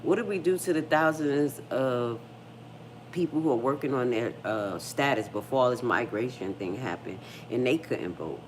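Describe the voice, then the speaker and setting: Blunt, profane woman with a low voice. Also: moderate pace, slight background noise. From United States. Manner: blunt, profane, animated storytelling. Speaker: livestream host. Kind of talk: casual livestream chat.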